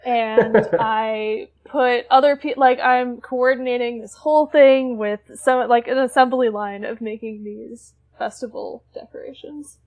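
A woman lays out her character's grand plans in a tabletop role-playing game. She talks in an enthusiastic, rambling way, full of fillers. Her voice is fairly high. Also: steady tone, unhurried, few pauses, narrow, tinny audio. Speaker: player.

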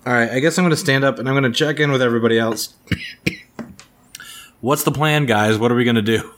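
A man's voice: mid-range voice, brisk, a bit bright. A man playing in a tabletop game who works out his moves aloud, hesitating often and asking the table questions. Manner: hesitant, thinks aloud with many ums. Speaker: player. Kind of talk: casual tabletop game chat.

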